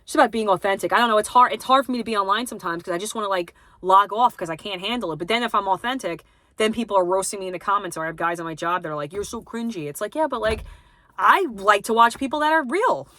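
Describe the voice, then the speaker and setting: A woman's voice: medium pitch, animated, quick pace, bright, forceful tone, no room sound. Young New woman vlogging, blunt and scattered, dead-dry close mic. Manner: rambling, lots of "like" and restarts; blunt, self-deprecating. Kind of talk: casual vlog monologue.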